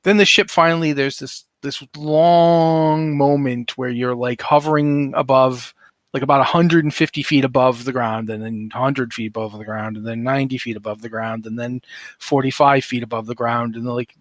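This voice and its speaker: A man runs a tabletop game in a middle-pitched voice, rambling through vivid scene descriptions with plenty of fillers. The recording is dry and close. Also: fairly even intonation, moderate pace, dry recording. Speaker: game master.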